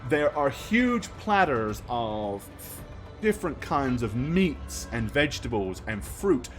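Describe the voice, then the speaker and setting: Slow-talking male game master. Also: mid-range voice, very animated, soft background music. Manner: slow, descriptive narration with many fillers. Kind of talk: narrating a tabletop game.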